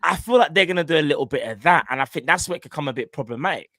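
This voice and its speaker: A man hosting a casual football podcast, talking in animated, slangy banter and laughing often. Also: on the high side, very fast, no echo, studio quality. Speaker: host.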